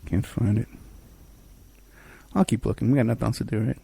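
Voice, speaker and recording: A man's voice: fairly low pitch, fairly even intonation, a little fast, gravelly, dark tone, slightly rough, no echo. A man hosting a talk show, talking in a rambling way with frequent restarts and fillers. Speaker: radio show host. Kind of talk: casual talk-show monologue.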